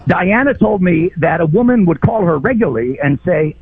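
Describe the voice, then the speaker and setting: Man calling into radio, gravelly and husky, heartfelt reminiscing, tinny phone line. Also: high-pitched, animated, moderate pace. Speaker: caller, radio host. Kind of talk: call-in radio chat. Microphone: telephone.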